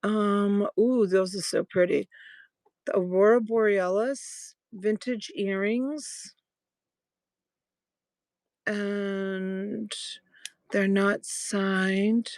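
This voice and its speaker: A woman runs a casual live jewelry sale, talking to her viewers one by one and calling them sweetheart and honey. Her pitch sits in the middle range for a woman. The sound is dry, with no room echo. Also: steady tone, extremely slow, pauses often, darkish tone. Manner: chatty, affectionate, thanks viewers by name. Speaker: live-stream jewelry seller. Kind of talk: casual live-selling chat.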